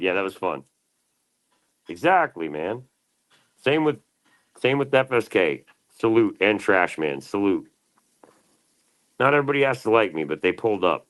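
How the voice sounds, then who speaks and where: A man with a fairly low voice hosts a livestream, firing off taunts and swearing at a rival in rough, heated banter. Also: lively intonation, moderate pace, pauses often, fairly bright tone. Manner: taunting, profane trash talk. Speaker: livestream host.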